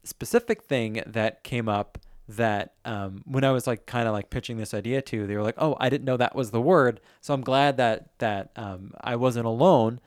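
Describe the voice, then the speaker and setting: A man's voice: mid-range voice, dry recording. Chatty man co-hosting, dry close sound. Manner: chatty, self-deprecating, reads lyrics aloud slowly. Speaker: podcast co-host. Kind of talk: casual chat.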